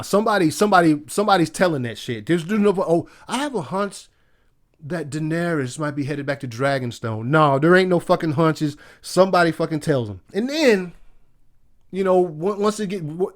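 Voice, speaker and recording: A young adult man hosting a podcast, recapping an episode in casual, profane, emphatic talk. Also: on the high side. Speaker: podcast host.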